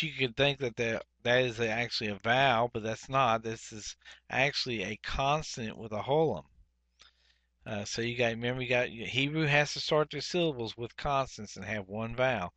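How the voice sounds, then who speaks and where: A man teaching a Biblical Hebrew workbook lesson, speaking deliberately and saying each Hebrew word twice, with frequent "uh" fillers. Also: mid-range voice, pushed and bright, no room sound. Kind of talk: workbook lesson, explaining grammar.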